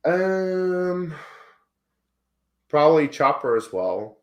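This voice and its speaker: A man's voice: on the high side, very animated, very slow, highs cut off. A man co-hosting a casual movie watchalong, laid-back and laughing often, recorded with a roomy echo.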